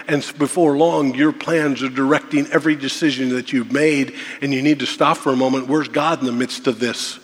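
A man's voice: medium pitch, fairly even intonation, a little fast, few pauses. A man preaching a sermon as a pastor, asking rhetorical questions, repeating key words and acting out the worries of his listeners. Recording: long hall reverb.

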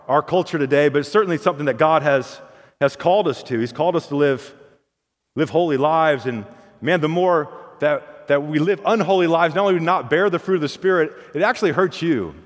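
A man's voice: a little high, fairly quick. A male pastor preaching a sermon in a folksy, storytelling way, often restarting and repeating words. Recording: long hall reverb.

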